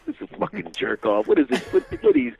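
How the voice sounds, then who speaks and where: A man, a comedian telling stories in an animated, profane way as a guest. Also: very high voice, quick pace, vocal fry, a little hiss or hum. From Philadelphia area, USA. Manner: animated, swearing, laughs often, acts out dialogue. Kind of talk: casual storytelling interview. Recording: dull lo-fi radio recording.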